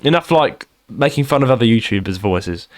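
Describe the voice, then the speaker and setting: A man's voice: mid-range voice, expressive, fairly quick. A young man with a Kent English accent, co-hosting a casual podcast chat, rambling and laughing often. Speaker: podcast co-host.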